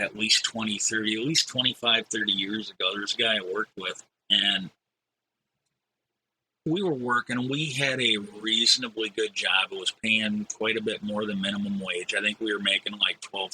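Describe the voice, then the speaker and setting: A middle-aged man spinning a casual, rambling anecdote, dropping in casual curses. His voice sits low and comes across sharp and forceful. A faint hiss runs underneath. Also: steady tone, normal speed, rough recording. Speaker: streamer reading stories. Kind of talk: casual storytelling.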